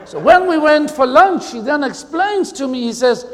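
A South African man preaching with a very high voice, his words ringing in a long hall reverb. He tells funny stories from the pulpit and stretches out key words for effect. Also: animated. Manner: humorous storytelling with drawn-out emphasis. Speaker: pastor. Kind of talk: preaching a sermon.

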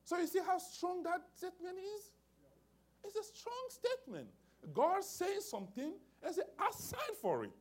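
A male preacher delivering a sermon with a lively pitch that climbs and dips. He speaks with emphasis, restarts his sentences and repeats key phrases. He keeps checking in with the congregation by calling for an amen. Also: moderate pace.

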